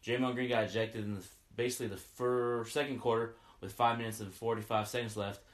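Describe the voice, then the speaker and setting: A man giving a casual, excited fan recap of a basketball game, as a sports podcaster who keeps saying "you know what I mean.". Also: medium pitch, brisk, roomy sound.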